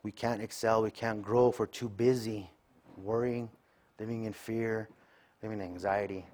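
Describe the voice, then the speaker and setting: A man preaching a sermon in a conversational way, checking in with the listeners by asking "right?" after nearly every point. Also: fairly low pitch. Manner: acts out everyday conversations in quoted voices.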